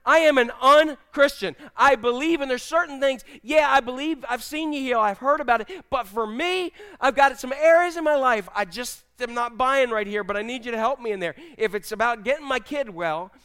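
A man's voice: sits high, lively intonation, fast, hardly any pauses, fairly bright tone. A man voicing a desperate father who pleads earnestly with God, raised and pushed. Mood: pleading.

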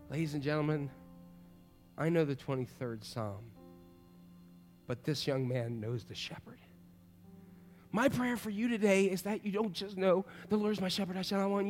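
A middle-aged man preaching a sermon as pastor, animated, swinging from loud calls to hushed, soft passages. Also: sits high.

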